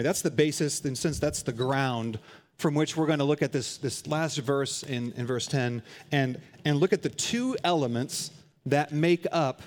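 A man's voice: mid-range voice, slight background noise. A man preaching a sermon to his congregation, earnest and conversational, often restarting phrases and adding light humorous asides. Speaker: pastor.

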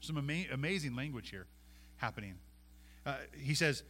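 A man preaching a sermon, pleading and animated, swinging from loud passion to hushed intensity. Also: mid-range voice, fairly quick. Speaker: pastor.

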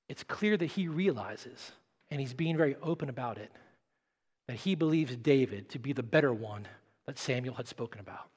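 A male pastor preaching a sermon with dramatic swings between hushed, quiet passages and loud, emphatic ones. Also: mid-range voice, lively intonation, moderate pace, husky, long reverb tail. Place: church.

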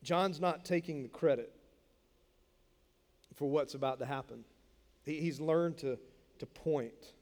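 Casual preacher in a reverberant hall. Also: male voice, on the high side, unhurried, pauses often, darkish tone. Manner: conversational, jokey, repeats words while explaining. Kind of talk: sermon. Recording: long reverb in a large hall.

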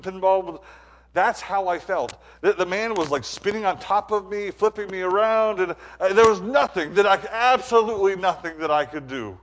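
Animated preacher man, rising and falling. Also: high voice, moderate pace. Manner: animated, swings from quiet to loud and emphatic; repeats words when building a point. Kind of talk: sermon.

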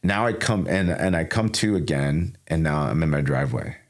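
A man's voice: a bass voice, lively intonation, moderate pace. A man in his forties from Illinois, telling a personal story as a podcast guest in a rambling way, repeating words and acting out quotes. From Sauk Valley, Illinois. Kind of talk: casual storytelling.

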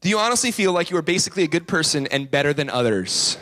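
A man preaching a sermon in church, lively and playful, often acting out the voices of the people he describes. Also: on the high side, fast, hardly any pauses. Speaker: pastor.

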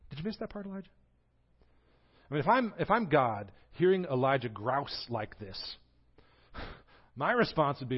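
Animated Southern preacher, slightly dull sound. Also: male voice, a little high, moderate pace, long pauses, husky. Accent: Southern American. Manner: animated storytelling, acts out quoted voices. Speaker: pastor. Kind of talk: sermon.

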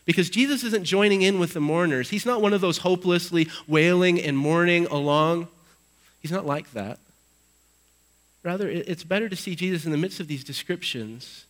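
A male pastor giving an Easter sermon in a church, swinging between loud emphatic passages and hushed low ones as he reads scripture with dramatic weight. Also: moderate pace, poor audio.

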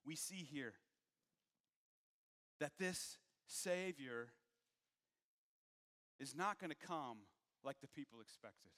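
High-voiced preacher man in a reverberant hall. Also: lively intonation, takes it slowly, long pauses. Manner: swings from hushed to raised, emphatic preaching. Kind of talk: sermon.

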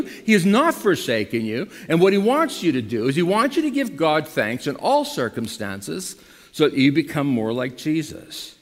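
A man preaching a sermon to his congregation in lively style, now and then rising to loud emphatic bursts. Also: on the high side, normal speed, long reverb tail. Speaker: pastor.

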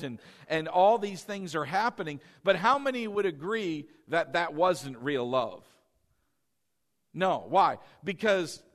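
A middle-aged pastor preaches animatedly, throwing rhetorical questions at the congregation and acting out quoted lines. His voice is a little high.

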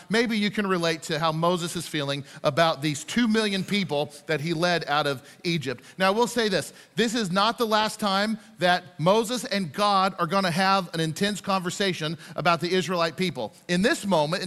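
Bright-voiced pastor preaching in a reverberant hall. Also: male voice, high-pitched. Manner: animated storytelling, acts out scenes with voices. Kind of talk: sermon. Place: church.

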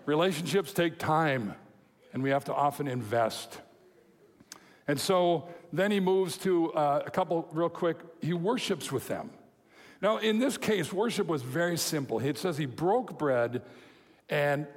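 A man preaching a sermon, telling a story with lively quoted voices and chuckles. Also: fairly high pitch, unhurried. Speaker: pastor. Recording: long hall reverb.

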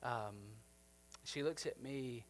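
A man, preaching a sermon and telling a personal story, moving from lively to hushed and tender. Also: mid-range voice, takes it slowly, a little hiss or hum. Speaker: pastor.

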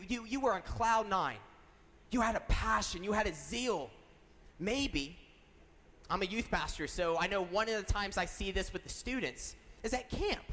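Young youth pastor preaching, high voice, earnest storyteller, big echoey church hall. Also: male voice, a bit bright. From South Carolina. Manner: earnest, storytelling, self-deprecating jokes, asks the audience. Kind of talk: sermon. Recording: reverberant hall.

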